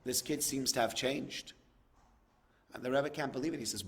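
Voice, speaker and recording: A man's voice: medium pitch, moderate pace, long pauses. A man giving a sermon, telling a story and rising to impassioned emphasis. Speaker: rabbi giving a talk.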